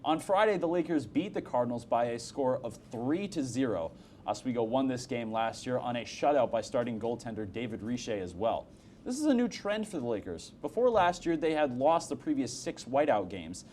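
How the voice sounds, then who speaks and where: A young man in his twenties co-hosting a campus sports highlights show with wry, teasing humor. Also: very animated, normal speed, darkish tone, slight background noise. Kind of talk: joking sports banter and news reading.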